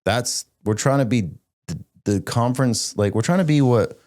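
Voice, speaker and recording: Animated, emphatic man hosting a podcast. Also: medium pitch, normal speed. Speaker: podcast host. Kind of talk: casual podcast chat.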